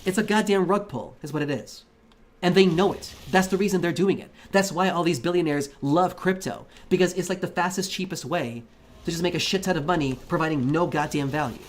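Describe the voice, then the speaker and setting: A man's voice: a little high, fairly quick. A man livestreaming, arguing heatedly with his chat in a casual, profane rant.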